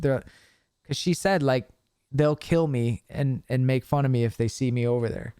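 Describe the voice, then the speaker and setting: A young man hosting a podcast, telling stories in a casual, animated way with plenty of swearing. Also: mid-range voice, a little fast, clean tone, dry recording, studio quality. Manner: animated storytelling with profanity. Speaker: podcast host. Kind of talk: casual chat.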